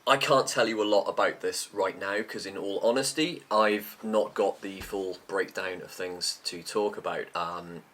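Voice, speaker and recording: A man's voice: sits low, measured pace, few pauses, fairly bright tone. A middle-aged man vlogging in an unscripted, rambling chat about tech, sometimes talking with his mouth full.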